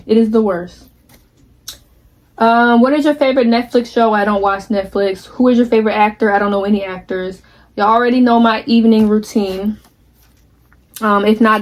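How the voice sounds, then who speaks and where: Young woman in her 20s rambling to her viewers while she paints crafts, bit of a higher voice, calls everyone y'all. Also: a little mellow. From United States. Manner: chatty and candid, addresses viewers as y'all. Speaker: vlogger. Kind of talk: casual vlog chat while crafting.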